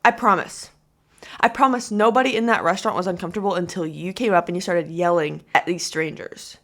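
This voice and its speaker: A woman's voice: fairly low pitch, a little fast, a bit bright. A woman reacting to clips in a casual vlog, talking to camera in a chatty, exasperated way with lots of "like". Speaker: commentary vlogger.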